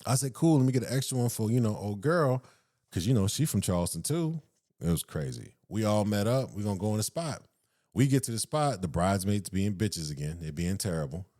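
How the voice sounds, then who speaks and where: Southern guy podcast host, super lively, jumps up high doing everybody's lines, cussing, laughing. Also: a little fast. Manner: animated, acts out quotes in raised voices, profane, laughs often. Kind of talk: casual storytelling.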